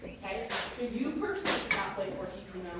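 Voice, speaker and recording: A woman leading a large band rehearsal, giving lively instructions and singing phrases to demonstrate. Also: mid-range voice, fast. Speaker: band conductor. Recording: echoey room from far off, with noise.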